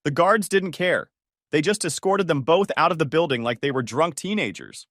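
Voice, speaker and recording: A man's voice: a little high, expressive, normal speed, fairly bright tone, no echo, studio quality. A man narrating a first-person story in a smug, cutting manner.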